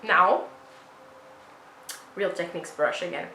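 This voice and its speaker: Bright-voiced woman chatting through a makeup tutorial. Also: mid-range voice, steady tone, a little slow, echoey room, slight background noise, poor audio. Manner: chatty, self-mocking, rambling asides. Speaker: beauty vlogger. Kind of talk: casual makeup tutorial chat.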